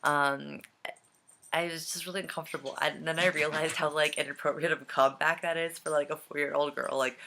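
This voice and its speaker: A young man vlogging casually from home, with a slightly scratchy, gravelly voice and a hesitant way of talking full of ums. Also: fairly high pitch, level tone, fairly quick, sharp tone. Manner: hesitant, many ums and trailing thoughts. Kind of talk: casual vlog chat. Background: dog and cat noises.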